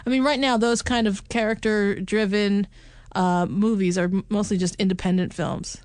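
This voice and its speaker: A woman in casual film-review chat, thinking aloud about movies. Her pitch sits in an ordinary middle range. The sound is dry and close, with no room around it. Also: fairly even intonation, moderate pace, darkish tone, clean tone, dry recording. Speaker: podcast co-host.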